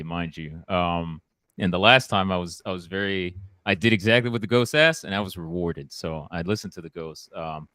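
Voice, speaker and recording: Low-voiced joking man rambling. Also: a bit bright, no echo, clean studio sound. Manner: joking, rambling with many fillers. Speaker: trader in a live chat. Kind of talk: casual voice chat.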